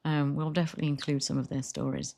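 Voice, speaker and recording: A middle-aged woman co-hosting a podcast, chatting casually and telling lively stories, acting out what customers said. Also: deep voice, fast, creaky, background noise. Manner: chatty storyteller, acts out customers' lines. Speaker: podcast co-host. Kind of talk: casual chat.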